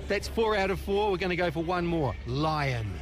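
A man's voice: fairly high pitch, animated, moderate pace. A man presenting a children's radio segment, encouraging young kids as he interviews them. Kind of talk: cheerful kids' vox-pop interview.

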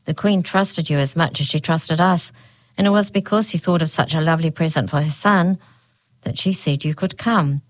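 A woman reader gives voice to a kind witch kneeling to talk someone round. She is gentle and persuasive, in a low, dry voice. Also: moderate pace, dry recording, low-quality recording. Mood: coaxing. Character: kind, coaxing female witch.

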